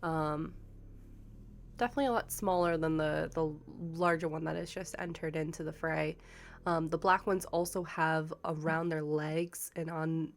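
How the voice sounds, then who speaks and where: Low-voiced woman narrating as game master. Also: creaky. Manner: measured, descriptive narration.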